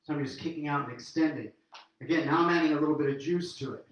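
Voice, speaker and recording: A man's voice: fairly high pitch, quick pace, lo-fi sound. A middle-aged man teaching a swing dance lesson online, counting steps aloud while he dances, upbeat. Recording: very echoey room.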